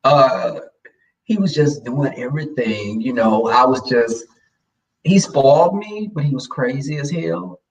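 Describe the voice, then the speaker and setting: A man telling a personal story in a casual chat, sassy and animated, acting out what people said. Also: mid-range voice, measured pace, far from the mic, rough recording. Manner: animated, sassy, acts out quoted lines.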